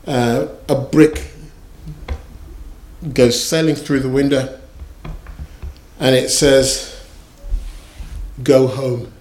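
A man preaching a sermon in a storytelling manner, repeating key phrases for emphasis. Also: medium pitch. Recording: echoey room.

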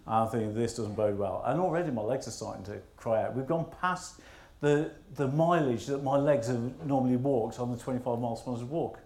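A man's voice: mid-range voice, a little fast, hardly any pauses, darkish tone, echoey room. A man, a minister telling a funny personal story in a sermon, poking fun at himself. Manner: humorous, self-mocking storyteller.

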